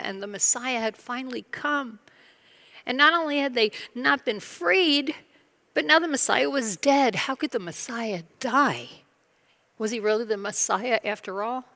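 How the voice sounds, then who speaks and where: A woman's voice: fairly high pitch, a bit bright. Earnest woman pastor teaching. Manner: earnest, conversational, personal. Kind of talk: recovery ministry lesson.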